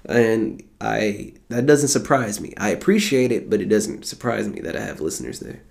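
A young man from the United States talks through a loose podcast monologue in a low, gravelly voice. He is relaxed and profane, and he jokes as he rambles along. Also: normal speed. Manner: laid-back, profane, joking. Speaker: podcast host.

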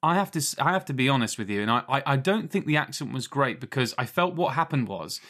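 A man's voice: mid-range voice, quick pace. Chatty man discussing films. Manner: animated, rambling, laughs often. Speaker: podcast co-host. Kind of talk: casual film chat.

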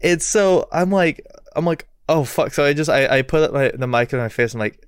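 A smooth-voiced man telling a profane story. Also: medium pitch, steady tone, moderate pace, dry recording, clean studio sound. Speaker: podcast guest, musician. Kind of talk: casual chat.

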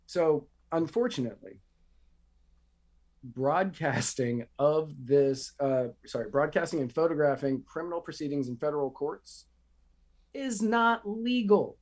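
A man's voice: fairly high pitch, measured pace, darkish tone. A man co-hosting a casual news chat, joking as he works through his notes. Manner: chatty, joking, reads from notes. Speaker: podcast co-host.

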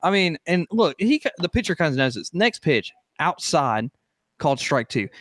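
A man's voice: a little high, big pitch swings, normal speed, fairly bright tone, dry recording, studio quality. A man co-hosting a sports podcast, casually walking listeners through a replay.

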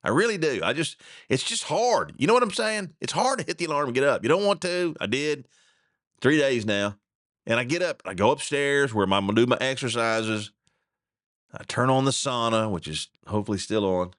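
A man's voice: mid-range voice, normal speed, no echo, studio quality. A middle-aged man hosting a radio talk show, ranting in a casual, chuckling way. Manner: animated, ranting, chuckling asides.

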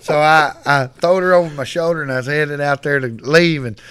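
A man's voice: a little high, steady tone, a little fast, fairly bright tone, clear, resonant tone, dry recording. A man from west Texas with a West Texas accent, telling bawdy, rambling stories on a podcast and laughing often. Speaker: podcast guest. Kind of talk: casual storytelling.

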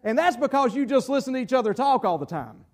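Southern pastor, man, high voice, folksy sermon with lots of restarts. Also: very animated, quick pace, darkish tone. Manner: folksy, repeats words while searching for phrasing.

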